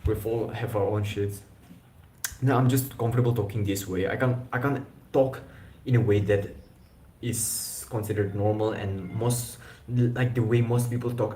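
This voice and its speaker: A man's voice: fairly low pitch, steady tone, normal speed, dark tone, a little hiss or hum. A young man chatting casually on a live stream, rambling with slang and restarts. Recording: echoey room.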